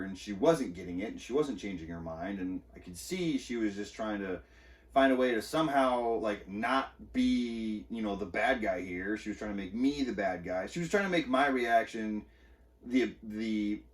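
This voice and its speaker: A man's voice: fairly low pitch, far from the mic. A man hosting a podcast, telling a personal story of an argument in a candid, agitated, profane way. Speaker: podcast host. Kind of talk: personal monologue.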